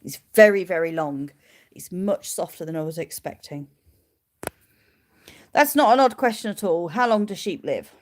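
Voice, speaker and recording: A woman with a lower-pitched voice that still swings widely up and down as she talks. She chats casually on a livestream in a rambling way and coos fondly at her sheep between answers. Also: expressive, normal speed, long pauses. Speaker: sheep keeper and livestream host. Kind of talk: casual livestream chat answering viewer questions.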